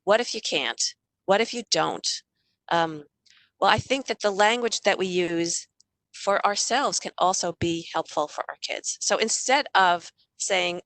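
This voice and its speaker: A woman's voice: mid-range voice, measured pace, dry recording. A middle-aged woman giving a parenting talk over a video call, chatty, often acting out what parents and kids say. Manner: warm, conversational, acts out parent and child lines. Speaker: parenting author and workshop speaker.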